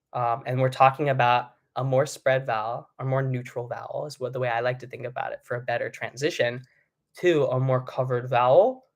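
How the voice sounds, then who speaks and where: A young man who is a vocal coach, teaching a live online singing lesson in a relaxed, explaining way and breaking into short sung demonstrations. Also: mid-range voice.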